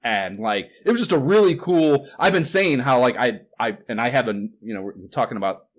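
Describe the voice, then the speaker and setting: A man's voice: medium pitch, brisk. A man co-hosting a podcast, talking casually, rambling, swearing freely and breaking into incredulous outbursts. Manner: rambling, swears often, animated outbursts of disbelief. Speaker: podcast co-host. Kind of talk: casual chat.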